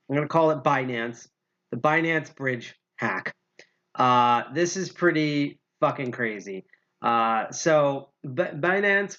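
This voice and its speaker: A man of ordinary pitch hosting a casual livestream, talking loosely and swearing as he goes. He trips over words and corrects himself, then keeps rolling. The sound is a bit dull and lo-fi. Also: fairly bright tone. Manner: rambling, profane, self-correcting. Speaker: podcast host.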